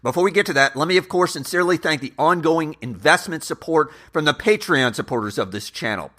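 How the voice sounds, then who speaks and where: A man with a bright, forceful voice pitched a little high hosts an investing channel. He talks earnestly and emphatically, stressing his points and calling his listeners gentlemen. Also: lively intonation, fairly quick. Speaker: channel host. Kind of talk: scripted investing talk to camera.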